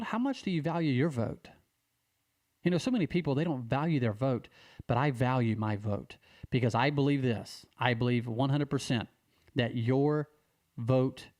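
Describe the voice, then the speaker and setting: A man from Mississippi, speaking an earnest direct-to-camera appeal, repeating key phrases with slow emphasis. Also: mid-range voice, darkish tone. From Mississippi, USA. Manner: repetitive, emphatic, with slow stressed phrases and restarts. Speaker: civic advocate addressing viewers.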